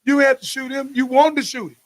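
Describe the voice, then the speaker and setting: A man's voice: extremely high pitch, little pitch movement, fast talker, dry recording. A man, a podcast guest, talking bluntly and indignantly in casual chat, often repeating himself. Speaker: guest telling of his police beating.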